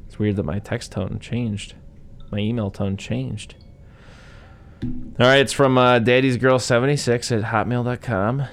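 A man's voice: mid-range voice, steady tone, normal speed, creaky, soft background music. A man co-hosting a casual movie review podcast, rambling with plenty of fillers and side notes. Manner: rambling, full of fillers and asides. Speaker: podcast co-host.

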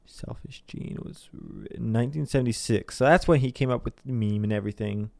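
A man's voice: mid-range voice, a little fast, gravelly, darkish tone, no echo. A young man giving a casual, sarcastic commentary monologue, rambling and mocking people in put-on voices.

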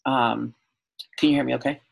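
Poor audio carries a man's medium-pitched, gravelly voice with fairly even intonation and a moderate pace. A podcast guest from Southern California, USA, he opens up in a conversational interview, telling candid, heartfelt stories with frequent "um" and "like."

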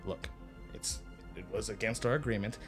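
A man voicing a scheming male market vendor who defends himself in a low, quick, hushed voice in a tabletop game. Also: over music, lightly acted. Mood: defensive.

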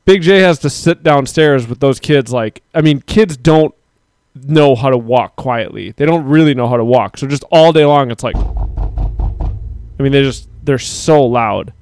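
A man's voice: mid-range voice, unhurried, a little mellow, no echo. A man in his thirties co-hosting a casual streamed chat show, rambling with frequent laughs and casual swearing. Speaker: podcast co-host.

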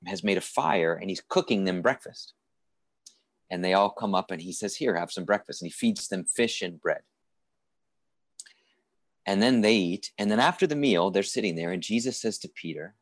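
A man with a very low voice tells a Bible story the way you would tell a friend, loose and conversational, pausing on small fillers and restarting phrases. The recording is dry and close, with no room sound around him. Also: no room sound. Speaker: speaker telling a Bible story. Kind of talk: reflective spoken sermon.

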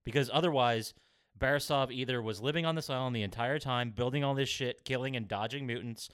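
A man's voice: medium pitch, a little fast, fairly bright tone, clear, resonant tone, no room sound, clean studio sound. A man hosting a casual gaming podcast, steering the talk and swearing freely. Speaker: podcast host.

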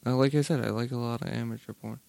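A man's voice: medium pitch, steady tone, quick pace, creaky, darkish tone, clean tone, no echo. A man co-hosting a podcast, trading crude, teasing banter in casual chat. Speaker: podcast co-host.

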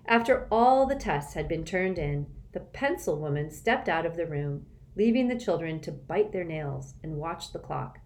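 A woman reading a children's novel aloud as an audiobook narrator. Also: lowish voice. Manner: expressive storytelling.

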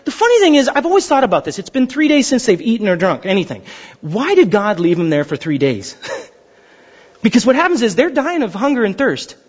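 A man preaching a sermon, animated and storytelling, sometimes acting out characters. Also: very high-pitched, brisk, slightly rough. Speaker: pastor. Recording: dull sound in a reverberant hall.

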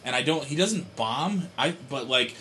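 Man, casual podcast chat, rambling, self-correcting, dry humor, mid pitch, faint noise. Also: animated, measured pace, pushed and bright.

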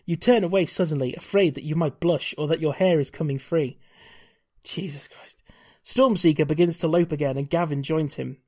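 Reading a gamebook aloud on his podcast, a male host keeps the narration steady while slipping in wry jokes and frequent laughter. He speaks in a mellow, fairly high voice, a little fast and with few pauses.

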